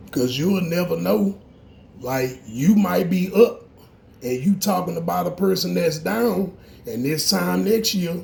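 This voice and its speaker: A man's voice: a little high, creaky, a little mellow, a little hiss or hum. A man, an auto shop owner, giving a blunt, profane morning talk to camera that grows heated.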